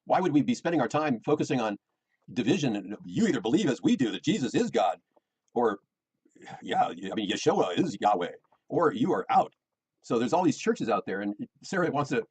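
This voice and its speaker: A man's voice: medium pitch, sing-song, a little fast, darkish tone, husky, low-quality recording. A middle-aged American man, rambling and defensive, repeating himself as he complains about his personal life. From United States.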